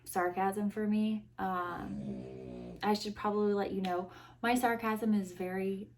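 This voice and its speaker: Recording on her iPhone, this young U.S. podcast host rambles through a casual solo chat laced with dry sarcasm at her own expense. She speaks slowly in a mid-range, sing-song voice, with a little hiss or hum present.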